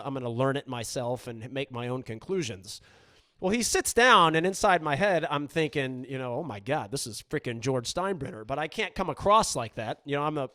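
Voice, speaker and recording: A middle-aged man hosting a podcast, telling a story in a relaxed, chatty way with frequent restarts. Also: a little high, clean tone, no echo. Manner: relaxed, conversational, frequent restarts and "you know". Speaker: podcast host. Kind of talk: storytelling in casual chat.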